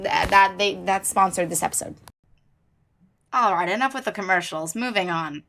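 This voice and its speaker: A woman's voice: lowish voice, vocal fry, fairly bright tone. A woman hosting a podcast, talking in a rambling, jokey way full of "like". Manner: rambling, jokey, heavy use of "like". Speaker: podcast host. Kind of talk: casual podcast talk.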